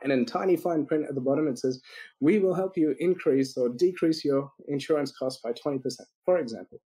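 A man on a podcast tells a client story with energy, slipping into little acted-out voices for the people he quotes. His voice is warm and dark in tone, with a breathy, husky edge. He laughs easily as he goes. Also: on the high side, a little fast, low-quality recording. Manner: animated storyteller acting out quotes; laughs often. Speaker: business consultant guest.

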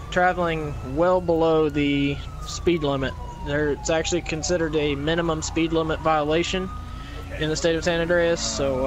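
Courteous man as a sheriff's deputy. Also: on the high side. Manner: formal, courteous traffic-stop talk. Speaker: player acting as a sheriff's deputy. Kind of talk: game role-play.

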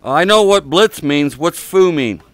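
Man, slightly high smooth voice, dry close headset sound; casual crude joker roasting strangers in VR. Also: animated, normal speed, no room sound. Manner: teasing, crude banter with strangers. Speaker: VR chat YouTuber. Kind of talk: casual joking commentary. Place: social VR game room.

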